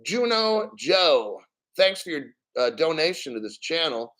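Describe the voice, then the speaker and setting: A man's voice: on the high side, big pitch swings, measured pace, fairly bright tone. A man in his fifties hosting a crypto channel, chatting casually on a livestream. He swears freely and drifts off into rambling stories. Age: 50s. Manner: rambling, profane, storytelling.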